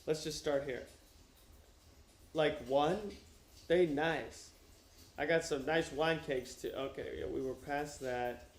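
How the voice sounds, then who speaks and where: A man's voice: fairly high pitch, fairly even intonation, slow pace, long pauses. A man chatting casually and profanely on a livestream from a room at home while wearing headphones, joking around as he reads a novel aloud. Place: room at home with his dog. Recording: roomy echo.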